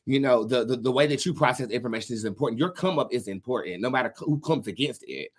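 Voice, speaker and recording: Campy, animated male tarot streamer. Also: medium pitch, fast talker, breathy edge. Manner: animated, campy, swears freely, laughs often. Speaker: tarot reader and live stream host. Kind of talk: casual live stream chat.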